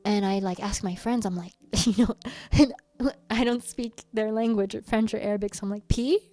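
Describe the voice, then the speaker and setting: Young woman, host, casual storyteller, animated and playful, mellow voice, faint music behind. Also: mid-range voice, moderate pace, no echo. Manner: animated, playful, slips into quoted voices and humming. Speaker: workshop host.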